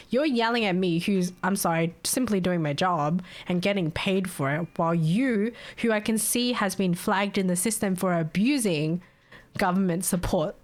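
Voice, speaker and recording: A young woman, chatting casually with her live stream viewers, swearing freely and laughing often. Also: medium pitch.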